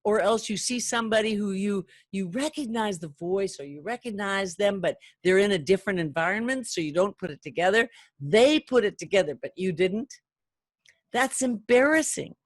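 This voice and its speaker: An older woman who trains people in phone sales, speaking in a chatty, animated way and acting out the lines of callers and customers. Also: mid-range voice, normal speed, dry recording, clean studio sound. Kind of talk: training talk to camera.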